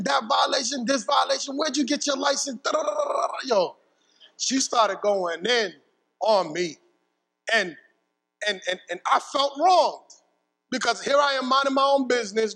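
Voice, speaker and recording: Male preacher, high-pitched, animated storyteller at the pulpit, casual and slangy. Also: long reverb tail, low-quality recording. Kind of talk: sermon with a personal story. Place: church pulpit.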